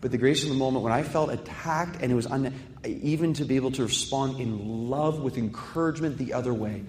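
A man's voice: medium pitch, a little fast, darkish tone. A male pastor preaching a sermon in a conversational way, with rhetorical questions and personal stories. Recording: echoey hall with long reverb.

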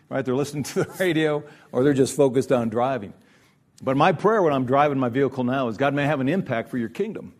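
A man's voice: medium pitch, a little mellow. A middle-aged man giving an earnest, conversational Christian workshop talk, often checking in with "right?". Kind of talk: sermon-style workshop talk.

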